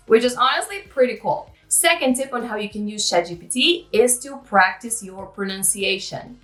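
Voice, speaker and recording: A woman's voice: on the high side, a bit bright. A woman explaining language-learning tips step by step to camera. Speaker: English learning vlogger. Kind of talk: tutorial talk to camera. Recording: roomy echo with faint music.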